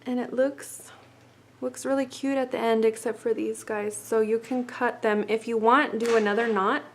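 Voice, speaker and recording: Woman, casual tutorial vlogger, stuffy nose, winded, a bit high-pitched, faint hum behind. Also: fairly even intonation, moderate pace. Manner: chatty, rambling, mutters to herself while working.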